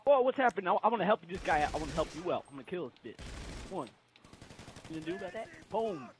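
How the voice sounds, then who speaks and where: A young man chatting excitedly while playing a multiplayer game, stammering and laughing. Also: high-pitched, rapid-fire. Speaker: co-player. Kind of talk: casual multiplayer game chat.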